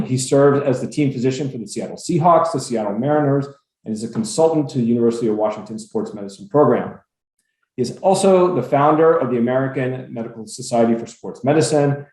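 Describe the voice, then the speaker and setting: A man's voice: mid-range voice, roomy sound, poor audio. A man hosting a webinar series, reading a formal introduction of a speaker on a video call. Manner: steady, organized, reads a formal bio.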